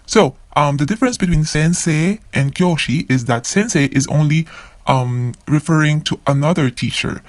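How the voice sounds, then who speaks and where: A man's voice: fairly high pitch, no room sound. A man from the Philippines, a language learner, teaching vocabulary by saying each word twice and then explaining it. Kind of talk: vocabulary lesson.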